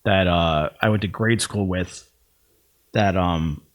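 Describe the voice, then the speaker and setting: A man co-hosting a podcast, telling rambling anecdotes in casual chat and mimicking relatives as he goes. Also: low-pitched. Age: adult, works for city sanitation. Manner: rambling anecdotes, fast, acts out relatives' voices. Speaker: podcast co-host.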